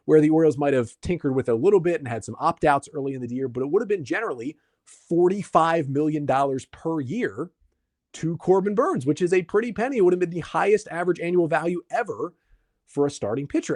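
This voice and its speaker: A man hosting a solo sports podcast, explaining baseball numbers and answering listener questions in a brisk, stat-heavy way. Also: on the high side, a little mellow, no room sound, studio quality. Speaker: podcast host.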